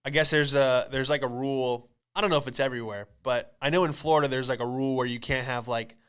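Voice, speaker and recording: A man hosting a comedy podcast, telling a story in an animated, profane, exclamatory way. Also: medium pitch, fast, clear, resonant tone.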